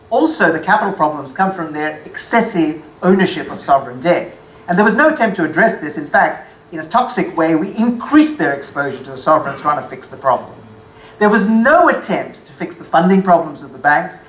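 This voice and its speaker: A woman's voice: fairly low pitch, a bit bright, roomy sound, poor audio. A woman giving a lecture-style presentation from slides, with dry, wry asides, correcting her own figures as she goes.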